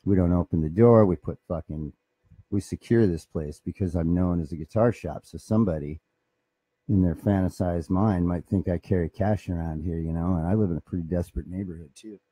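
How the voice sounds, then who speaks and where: Low, husky profane man rambling. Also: brisk, warm tone, no echo. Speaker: guitar shop owner and bassist. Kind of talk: casual comedic monologue.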